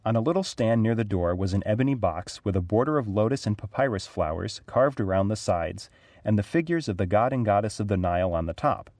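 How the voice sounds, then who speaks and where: A man narrating a storybook aloud in a clear, even read-aloud delivery. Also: on the low side, a little fast, no echo, studio quality.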